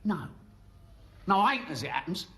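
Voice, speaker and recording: An actor playing a quick-tongued London con man with a Cockney accent, cheeky and combative in a TV drama. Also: sits high, very animated, pushed and bright, heavily acted. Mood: arguing. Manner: cheeky, fast-talking, trading insults. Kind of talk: TV drama acting.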